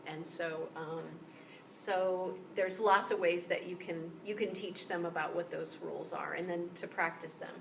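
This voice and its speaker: A woman's voice: fairly low pitch, steady tone, unhurried, gravelly. Woman lecturing, mic set back. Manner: explanatory, frequent fillers and restarts. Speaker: instructor. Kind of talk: recorded lecture. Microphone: screen-capture recording, mic at some distance. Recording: distant mic with faint background hiss.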